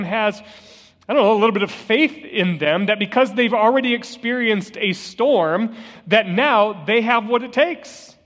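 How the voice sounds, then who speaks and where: A man's voice: high voice, a bit bright. A middle-aged man, an interim lead pastor, preaching a conversational sermon with storytelling and rhetorical questions in a church sanctuary. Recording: long reverb of a church hall.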